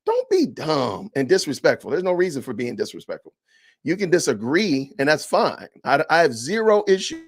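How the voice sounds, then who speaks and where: A man hosting a podcast livestream, reading comments aloud with animated, indignant, preachy ranting. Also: a little high, normal speed, slightly rough. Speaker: podcast host.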